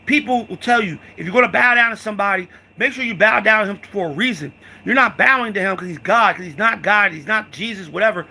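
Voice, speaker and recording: A man's voice: high-pitched, quick pace, creaky, hardly any pauses, pushed and bright. A man from the United States giving a heated, profane political rant, repeating himself and calling the listener "dog".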